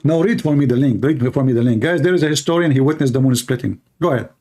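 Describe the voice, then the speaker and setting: A man's voice: mid-range voice, fast, darkish tone. A man whose first language is Arabic hosts a live-stream debate in English. He is blunt and mocking and keeps repeating his questions. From Middle East.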